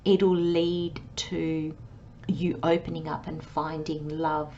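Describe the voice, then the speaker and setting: A woman giving a channelled tarot reading in a soft, dreamy way, often dropping into a hushed whisper. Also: sits low, little pitch movement, takes it slowly, dull audio, a little hiss or hum. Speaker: tarot reader.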